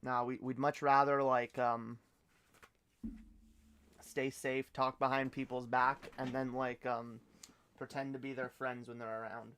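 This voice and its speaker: A man's voice: mid-range voice, level tone, unhurried, pauses often, fairly bright tone, slight background noise. A man from Canada chatting casually on a livestream, swearing a lot and stumbling through rambling restarts. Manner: profane, rambling, stammering restarts. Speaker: streamer.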